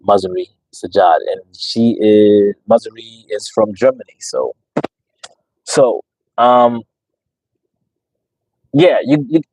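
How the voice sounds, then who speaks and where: A man's voice: medium pitch, darkish tone, no echo, rough recording. A man who breeds dogs, talking casually to viewers on his channel, emphatic and preachy, repeating himself with lots of fillers. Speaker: dog breeder and channel host. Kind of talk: casual livestream talk to viewers.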